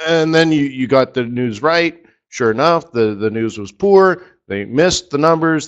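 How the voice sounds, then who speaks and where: A man's voice: mid-range voice, lo-fi sound. A man coaching traders in a live webinar lesson, talking in a chatty, joking way and throwing out rhetorical questions. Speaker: forex trading coach.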